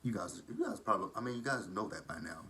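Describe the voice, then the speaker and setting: A man's voice: lowish voice, expressive, fast, pushed and bright. A man from Texas with a southern drawl, gossiping casually as he recaps a reality show. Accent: Texan. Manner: chatty, gossipy, shady asides.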